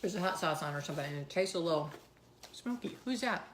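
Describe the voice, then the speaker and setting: A woman's voice: fairly low pitch, fast talker. A woman in her thirties, chatting casually and rambling on camera at home. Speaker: vlogger. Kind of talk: casual chat. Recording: roomy echo.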